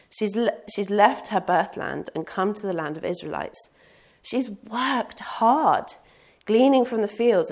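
A woman's voice: medium pitch, a little mellow. A young woman preaching a sermon in an earnest, personal way, asking rhetorical questions.

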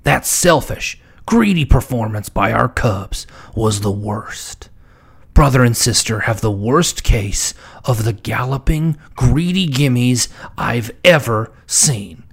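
A man voicing a furious father bear who scolds loudly and indignantly, with a husky voice. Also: medium pitch, animated, slow pace, full character voice. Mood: enraged.

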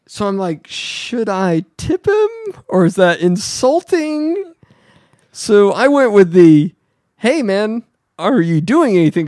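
A man's voice: dry recording, studio quality. A man co-hosting a podcast who tells a story in casual chat and acts out the quotes. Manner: animated storyteller, acts out quotes with pitch jumps. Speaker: podcast co-host.

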